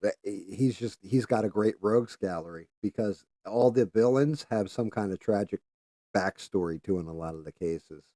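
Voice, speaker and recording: A man's voice: on the low side, moderate pace, dark tone, dry recording. A man hosting a casual livestream, rambling and swearing freely as he chats while doing careful handwork. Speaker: livestream host.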